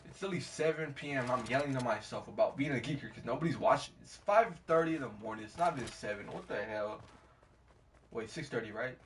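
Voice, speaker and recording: A man streaming a game from home at night, talking in slang, getting excited and yelling trash talk at the game. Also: mid-range voice, fast talker. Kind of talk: casual gameplay commentary. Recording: distant mic with steady background noise.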